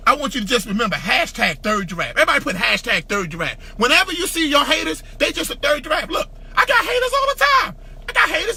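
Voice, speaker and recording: A man giving a motivational business talk, emphatic and repetitive, shouting for emphasis and calling out to the audience. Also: extremely high pitch, slightly rough. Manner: preacher-like call-and-response. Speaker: business speaker.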